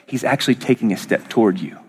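A man preaching a sermon as pastor, swinging from loud rising lines to hushed whispers. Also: medium pitch, quick pace, breathy edge.

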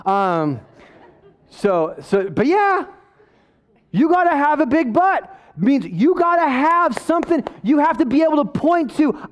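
A man preaching a sermon in a casual, conversational way, energetic and joking with the congregation. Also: high-pitched, normal speed. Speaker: pastor.

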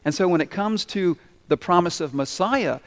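A man pastor preaching a sermon, slowing for emphasis and acting out the quoted voices of the story. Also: high-pitched, lively intonation. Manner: dramatic pauses and voiced quotes. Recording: long hall reverb.

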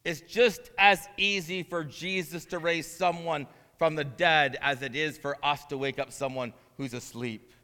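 A man's voice: a little high, vocal fry, bright, forceful tone. A man preaching a sermon as interim pastor, reading scripture and talking in earnest asides that build to emphatic proclamation. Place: church sanctuary. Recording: long church-hall reverb.

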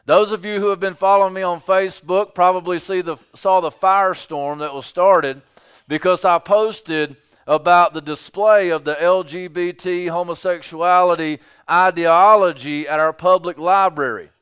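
A man's voice: high-pitched, fairly even intonation, normal speed, a bit bright, clear, resonant tone. A man preaching a sermon as pastor, emphatic, often repeating his phrases for weight.

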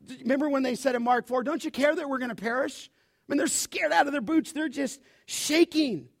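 Man, pastor, animated sermon, call-and-response questions, very high pitch, dry close mic. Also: brisk, gravelly, no echo. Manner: animated preaching, asks the congregation to fill in words.

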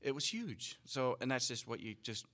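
A man from Scotland with a Scottish accent, chatting casually on a talk show and telling lively stories about growing up. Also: medium pitch, moderate pace. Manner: animated storytelling, repeats words. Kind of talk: casual chat.

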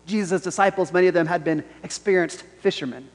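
A pastor preaching a Sunday sermon in an animated style, repeating his key phrases for emphasis. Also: sits high, fast, long reverb tail.

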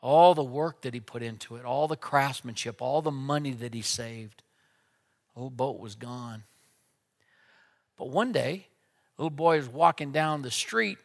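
A man preaching a sermon with dynamic delivery, dropping to a hush and then rising to loud, emphatic lines. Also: mid-range voice, normal speed.

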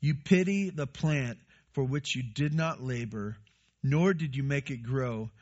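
Man doing a firm patient god voice, calm and reasoning, kinda muffled audio. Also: medium pitch, a little slow, close to an everyday voice. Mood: stern. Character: stern, patient God rebuking a sulking prophet.

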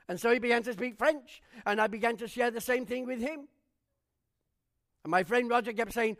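A man with a notably high voice preaching a sermon. He tells his testimony as animated stories and presses the listeners with fervent rhetorical questions. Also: moderate pace, long pauses. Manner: animated storytelling.

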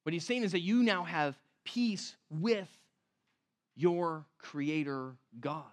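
High-voiced man preaching conversationally. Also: slow. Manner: conversational, asks the room questions. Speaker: pastor. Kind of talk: sermon.

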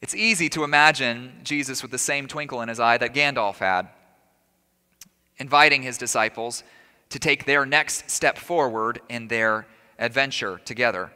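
Bright-voiced preacher in a reverberant hall. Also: male voice, medium pitch, moderate pace, smooth. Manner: conversational, with rhetorical questions and humorous asides. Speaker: pastor. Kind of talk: sermon. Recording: long reverb of a large hall.

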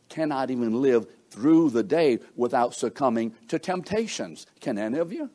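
A middle-aged man preaching a sermon, slow and emphatic, asking the congregation rhetorical questions. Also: expressive, mellow. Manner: slow, emphatic preaching with wide swings in pitch and volume.

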